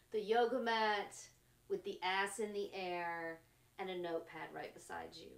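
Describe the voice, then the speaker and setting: Slow, musing woman in an echoey room. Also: lowish voice. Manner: slow, musing, trailing phrases with frequent laughs. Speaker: podcast host. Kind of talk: reflective spiritual monologue.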